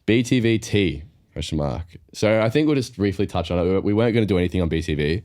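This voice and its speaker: A man's voice: sits low, animated, quick pace, darkish tone. A young man, co-hosting a podcast, teasing his friends and reading out listener questions. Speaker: podcast co-host. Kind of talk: casual chat.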